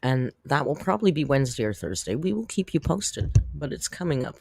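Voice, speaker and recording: A man's voice: a little high, very animated, a little fast, gravelly, a little mellow, breathy edge, dry recording, studio quality. A man hosting a casual livestream, chatting with viewers in a rambling, self-deprecating way and laughing often. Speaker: YouTube commentary host.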